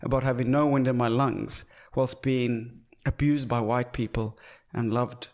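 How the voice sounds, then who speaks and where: A young South African man co-hosting a comedy podcast, telling stories in a lively, ironic way. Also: mid-range voice, unhurried. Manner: animated storytelling, ironic jokes. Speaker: podcast co-host. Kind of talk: casual comedic chat.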